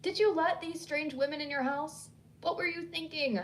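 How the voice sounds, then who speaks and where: A cold, guarded woman with no patience, as read by a woman storyteller, clipping her words short. Her voice is a little high and snaps when she is pushed. A faint hiss sits underneath. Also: lively intonation, moderate pace. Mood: curt, angry. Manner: curt and clipped, defensive.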